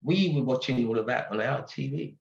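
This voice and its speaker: An English man in his sixties tells stories as a guest, animated and quick to laugh. His voice sits in an echoey room. The sound is a little dull and muffled. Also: mid-range voice, vocal fry. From England. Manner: animated storyteller, laughs often. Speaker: guest singer. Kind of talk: casual interview chat. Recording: roomy, dull-sounding audio.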